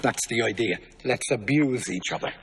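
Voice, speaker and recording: An actor playing a tired, sulky male tramp who grumbles in short, flat replies. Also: medium pitch, normal speed, noisy background, close to an everyday voice. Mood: weary. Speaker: film actor.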